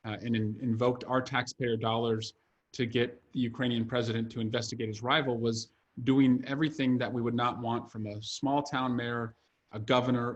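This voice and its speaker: A man in his thirties, an author and congressman, talking earnestly with many "uh" fillers during a video-call interview. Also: medium pitch. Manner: frequent "uh" fillers, earnest and fluent.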